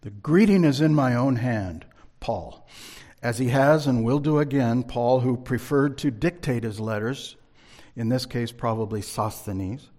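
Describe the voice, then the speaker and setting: Measured, emphatic male Bible teacher. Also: medium pitch, a little mellow. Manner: measured, emphatic, reads scripture aloud. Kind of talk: sermon-style Bible teaching.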